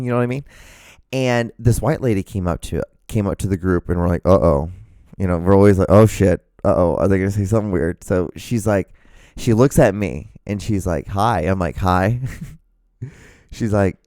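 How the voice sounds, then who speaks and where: A man's voice: fairly low pitch, dark tone, no room sound, clean studio sound. A man hosting a solo podcast, rambling casually through stories and acting out the voices of people in them, with plenty of cursing. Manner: rambling, profane, acts out quoted voices. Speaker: podcast host. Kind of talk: casual solo storytelling monologue.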